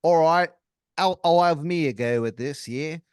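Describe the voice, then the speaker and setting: A man's voice: on the high side, unhurried, a little mellow, smooth, no room sound, studio quality, pitched above the performer's own voice, natural voice. A man voicing the King of England as a charming, chummy older man bantering with a crowd. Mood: jaunty.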